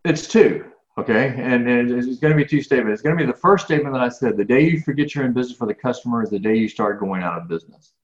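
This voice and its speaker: A man's voice: mid-range voice, racing. A middle-aged man answering interview questions in an earnest, rambling way, often repeating his words. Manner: earnest, rambling, repeats words, grows animated when ranting. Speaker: guest, business speaker. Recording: roomy, dull lo-fi sound.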